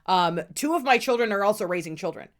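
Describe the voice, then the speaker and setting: A woman's voice: mid-range voice, lively intonation, quick pace. Blunt, sweary middle-aged woman venting. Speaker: podcast co-host. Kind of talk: casual ranting chat.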